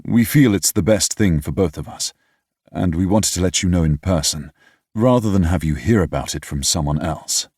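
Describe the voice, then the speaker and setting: A man's voice: sits low, moderate pace, a little mellow, husky, dry recording, studio quality. A man reading an audiobook voices a snobbish, wry British father who grumbles in a clipped, proper way. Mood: sombre. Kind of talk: audiobook character voice.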